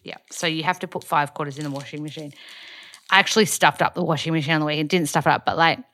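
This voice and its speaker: A woman's voice: sits low, fairly even intonation, fast talker, bright, forceful tone, dry recording. A young woman chatting casually in a rambling way about her routine for a video diary. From Australia. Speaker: vlogger and podcaster. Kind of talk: casual chat.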